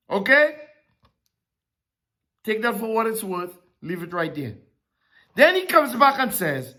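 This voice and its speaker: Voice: medium pitch, sing-song, slow pace, pauses often, bright, forceful tone. A Bible teacher preaching a sermon-style lesson, who asks rhetorical questions and repeats key phrases for emphasis.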